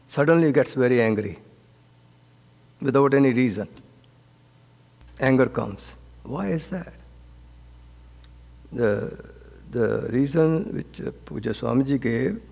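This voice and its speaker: A man as a swami teaching a scripture class, speaking gently and haltingly with frequent restarts and repeated words. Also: mid-range voice, vocal fry. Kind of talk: spoken scripture class with counseling advice. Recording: long reverb of a hall.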